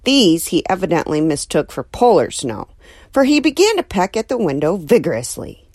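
Brief: woman storyteller, very lively intonation, dry close sound, expressive audiobook narration. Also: lowish voice, normal speed, no room sound. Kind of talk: audiobook reading of a children's novel.

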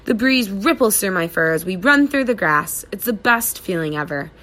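A woman narrating a children's storybook aloud in an expressive, animated way. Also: medium pitch, moderate pace.

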